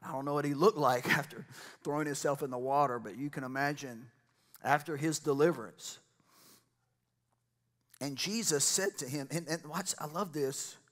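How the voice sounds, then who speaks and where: A man preaching a lively sermon, building to loud excited shouts and exclamations. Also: a little high, normal speed, long pauses. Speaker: pastor.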